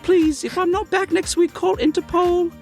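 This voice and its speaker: A man putting on a high, prim British woman's voice as a playful impression of a psychologist co-host. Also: little pitch movement, normal speed, a little mellow, soft background music. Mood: mock-prim. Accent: put-on British. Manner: playful, mock-formal impression. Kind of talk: casual podcast banter.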